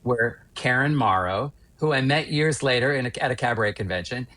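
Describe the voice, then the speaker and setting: A man in his fifties from Western Pennsylvania, a stage actor telling winding, animated anecdotes as a podcast guest. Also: mid-range voice, fairly quick. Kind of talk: casual interview storytelling.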